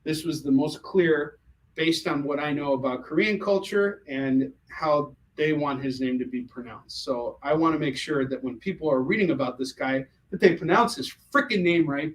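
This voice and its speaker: An American man hosting a livestream, selling comics and chatting casually in an animated, jokey way with many fillers and restarts. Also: on the high side, moderate pace, a little hiss or hum, rough recording.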